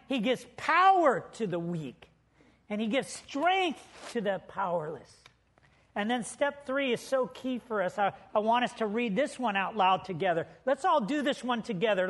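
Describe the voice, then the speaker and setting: A man's voice: very high-pitched, fairly bright tone. A man preaching a sermon emphatically, addressing his listeners directly as friends. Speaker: pastor.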